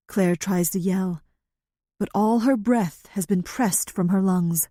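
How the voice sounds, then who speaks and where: Woman narrator, dark mellow tone, dry close sound, measured scripted storytelling. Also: medium pitch, fairly even intonation, no echo. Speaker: audiobook narrator.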